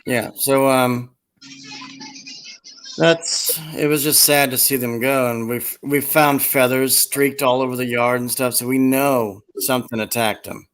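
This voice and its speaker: A man's voice: medium pitch, fairly even intonation, a little slow, fairly bright tone, clear, resonant tone, rough recording. A man telling rambling funny stories in a casual chat, laughing at his own jokes.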